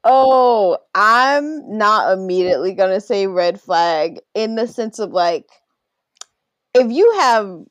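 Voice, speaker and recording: A woman's voice: medium pitch, lively intonation, slow pace, no echo. A woman chatting on a podcast, talking playfully and expressively, laughing a lot. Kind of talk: casual podcast chat.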